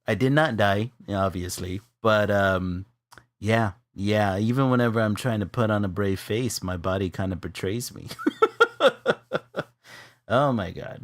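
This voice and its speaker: The art-stream co-host here has a lowish voice and shares an amusing story about himself in a laid-back chat. He laughs a lot, his voice rising sharply as the tale heats up, all captured in a close, dry recording without echo.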